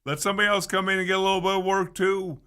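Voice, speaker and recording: A male sports radio co-host who answers his partner's rants with calm, reasoned pushback. His voice is bright and forward, pitched a little high. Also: very fast, smooth. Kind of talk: sports talk radio banter.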